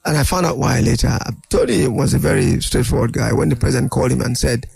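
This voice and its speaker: An older man, a guest in an interview, telling animated anecdotes and acting out other people's voices. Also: mid-range voice, fast talker, gravelly, husky, no room sound. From Nigeria. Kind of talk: storytelling interview.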